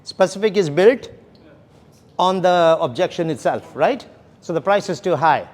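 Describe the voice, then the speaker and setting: A man's voice: sits high, animated, a little slow. A man leading a sales training session, explaining steps and often checking in with "okay?" and "right?". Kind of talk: classroom training lecture.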